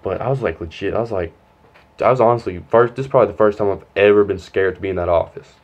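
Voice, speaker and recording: A man's voice: fairly low pitch, quick pace, darkish tone, lo-fi sound. A young man telling a long, rambling, profane story from his school days, quoting others as he goes. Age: young adult. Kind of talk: casual storytime vlog.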